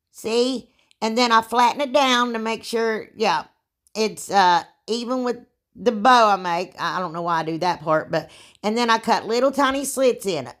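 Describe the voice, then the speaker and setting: Woman, slightly high voice, rambling craft-video host, sore throat. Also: fairly bright tone. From Ohio, United States. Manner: chatty, rambling, says y'all often. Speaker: DIY crafts channel host. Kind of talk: casual craft tutorial talk.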